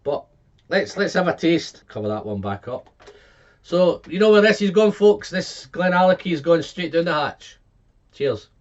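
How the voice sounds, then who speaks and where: A man giving a casual whisky tasting review, excitable and quick to exclaim, reeling off tasting notes and repeating his words. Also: fairly high pitch, lo-fi sound.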